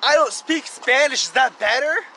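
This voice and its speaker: Man, gravelly voice, brash goofy insults, noisy street recording. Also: very high voice, normal speed, sharp tone. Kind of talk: crude joking banter.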